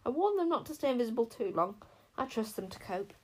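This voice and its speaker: A woman's voice: a little high, very animated, fast talker, voice pushed up. A woman reading an audiobook, voicing a kindly, eccentric older female wizard who tuts and cheers. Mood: gently chiding. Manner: warm-hearted, fussy, enthusiastic. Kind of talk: audiobook character voice.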